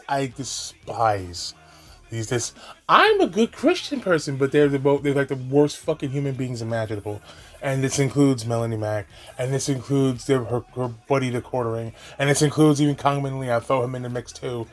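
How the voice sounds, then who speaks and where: A man's voice: mid-range voice, brisk, darkish tone. A man hosting a reaction commentary, ranting in a profane, exasperated, mocking way. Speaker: commentary host.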